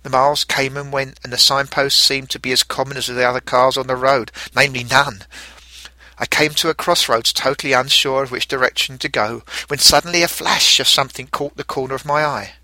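A middle-aged man tells a first-person story in a gentle, reflective way. His voice is very bright and forward. The recording is close and dry, with no room sound. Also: medium pitch, fairly even intonation, a little fast, no room sound. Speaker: narrator. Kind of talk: storytelling narration.

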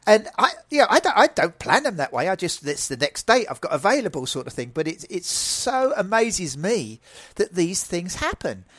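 A woman's voice: fairly low pitch, sing-song, normal speed, a bit bright, breathy edge. A woman hosting a talk show, reacting to her guest and musing about how her shows come together. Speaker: host. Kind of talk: interview chat.

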